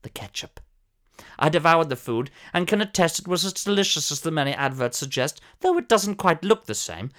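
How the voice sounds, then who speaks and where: A man's voice: on the high side, pushed and bright. A man voicing a pompous elderly former soap actor, telling a fussy, theatrical comic story. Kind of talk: comic character monologue.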